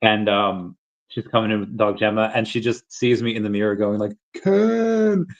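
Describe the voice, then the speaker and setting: A man's voice: on the low side, little pitch movement, a little fast, muffled recording. A man hosting a casual crypto livestream, rambling with many fillers and restarts and chatting with viewers. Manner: rambling, many fillers and restarts, bursts into shouted movie-quote impressions. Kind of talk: casual livestream chat, reading chat comments.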